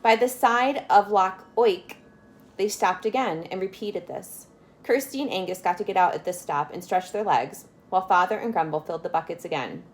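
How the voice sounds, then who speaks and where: Reading a children's chapter book aloud, a woman with a mid-range voice and normal pace pauses for friendly explanations. She is a storyteller who clarifies words for the kids listening.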